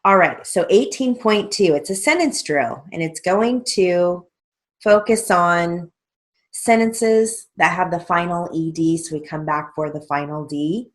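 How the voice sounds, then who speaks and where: Slow, deliberate woman teaching stenography. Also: lowish voice. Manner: slow, deliberate dictation, spelling out letters. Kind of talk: recorded theory lesson.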